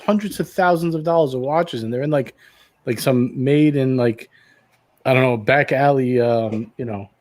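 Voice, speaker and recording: A man's voice: mid-range voice, normal speed, a little mellow. A man on a casual livestream talking frankly and rambling, with lots of fillers.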